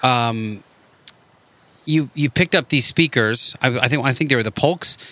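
A man's voice: medium pitch, a little slow, pushed and bright, no room sound. A man hosting a podcast, chatting casually and asking his guest one follow-up question after another. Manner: inquisitive, keeps asking follow-ups. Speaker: podcast host. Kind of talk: casual interview chat.

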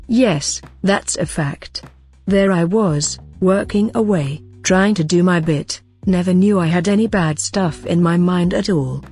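A woman's voice: fairly low pitch, dark tone, slightly rough. A woman voicing a frightened middle-aged man who pleads, blubbers and turns sanctimonious, in an audiobook reading. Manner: blubbering, servile, then sententious.

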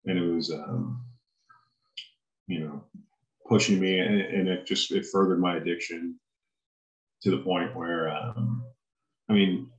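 A man telling his personal faith testimony as an interview guest, in an earnest, halting way. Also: low voice, steady tone, roomy sound, muffled recording.

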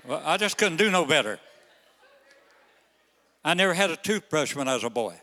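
An older man, a pastor, telling folksy stories in a sermon, halting on fillers, then bursting out loud to the congregation. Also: fairly high pitch, very animated. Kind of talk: storytelling sermon. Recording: long hall reverb.

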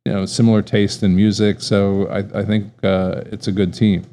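A man talks casually about the bar he runs, relaxed and hesitant. His voice is mellow, warm and rather low. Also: normal speed. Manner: relaxed, laughs easily, hesitant. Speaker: interview guest, piano bar owner. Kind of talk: casual interview answers.

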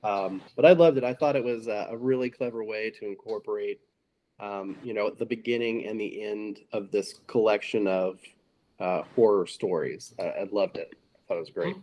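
A man co-hosting a podcast in casual chat, relaxed and hesitant with many fillers. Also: fairly low pitch, normal speed. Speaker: podcast co-host.

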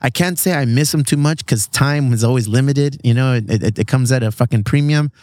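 A man from San Diego in his thirties, chatting casually as host. He is laid-back, swears freely and calls everyone "bro." His medium-pitched voice sounds dry and close. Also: brisk, a little mellow, no room sound. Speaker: podcast host. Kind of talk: casual chat. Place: outdoors in a backyard treehouse.

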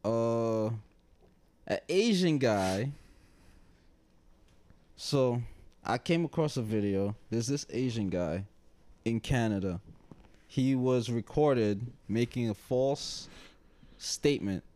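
A man's voice: medium pitch, lively intonation, slow pace, pauses often, darkish tone. A man co-hosting a podcast who tells stories in casual chat and laughs easily. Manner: storytelling, laughs, does funny voices. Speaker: podcast co-host.

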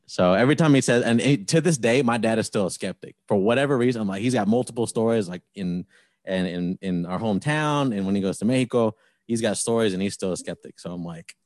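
A man co-hosting a podcast, relaxed and conversational as he tells a story in casual chat. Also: fairly low pitch, fast talker, no room sound.

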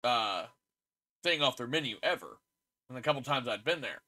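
Bright-voiced joking man with an Oklahoma accent. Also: mid-range voice, animated, normal speed. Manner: joking, teasing banter. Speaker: podcast co-host. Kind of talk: casual chat.

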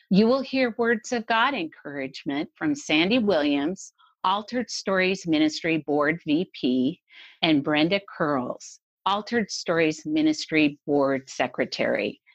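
A woman hosting a faith podcast, reading a measured, welcoming show introduction. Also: on the low side, no room sound, muffled recording. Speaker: podcast host.

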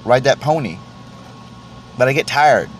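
With a mid-range voice that's animated yet a little slow, and a bit of hiss or hum behind it, a man rants casually on his solo podcast. Tasting tea as he goes, he rambles and pokes fun at himself, cursing a lot and tripping over restarts.

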